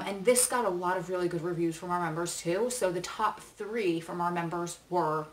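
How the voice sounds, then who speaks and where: Vlog host, woman, forties, lower-pitched, rambling and candid, echoey room. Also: recorded from a distance, slight background noise. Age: 40s. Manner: chatty, candid, rambling with fillers. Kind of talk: casual try-on vlog. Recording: roomy echo.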